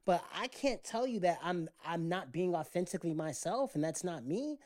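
A man co-hosting a casual podcast, with a fairly high tenor voice, rambling and restarting his sentences often. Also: animated, normal speed, darkish tone. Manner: rambling, with many restarts and repeated words. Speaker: podcast co-host.

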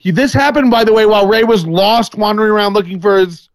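A man with a notably high voice tells rambling gossip stories on a casual live stream. He keeps mimicking the people he talks about. The sound is close and dry, with no room around it. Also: fast, dry recording. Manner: rambling storyteller, quotes people in mock voices. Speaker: podcast co-host.

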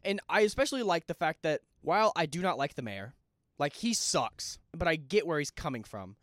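A man's voice: a little high, sing-song, brisk, fairly bright tone, no room sound, studio quality. A young man co-hosting a podcast, chatting casually about a film and rambling through restarts mid-thought. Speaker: podcast co-host.

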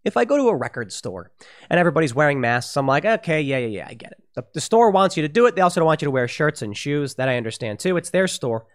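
A man delivers solo political commentary in a fairly high voice that rises and falls in lively swings. He talks emphatically and stumbles into repeated words when he gets heated. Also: fast.

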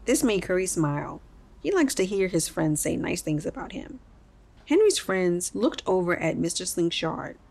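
A woman's voice: lowish voice, big pitch swings, normal speed, a little mellow. Woman host reading a children's story.

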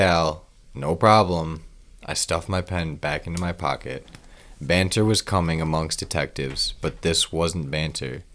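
A man narrating a first-person crime horror story in a measured, grim way. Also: a bass voice, fairly bright tone.

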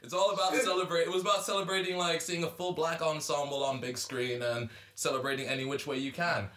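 A man in a casual podcast discussion, talking in an animated, joking way and laughing easily. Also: a little high, fast.

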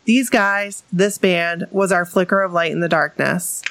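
A woman from New England co-hosting a podcast, reading listener stories aloud and chatting casually, enthusiastic and quick to laugh. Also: on the low side, a bit bright, no room sound.

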